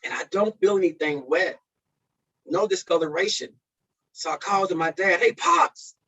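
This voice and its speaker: A man sharing a personal testimony as a speaker at a men's conference, swinging from loud peaks to hushed lows. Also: moderate pace, breathy edge. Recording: dull lo-fi recording.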